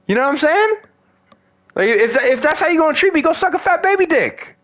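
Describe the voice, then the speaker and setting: A man with a strikingly high, bright voice rants casually about games, swearing freely and trailing off into slangy asides. His delivery is exasperated and conversational. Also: very animated, fairly quick. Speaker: gaming vlogger. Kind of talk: ranting casual monologue.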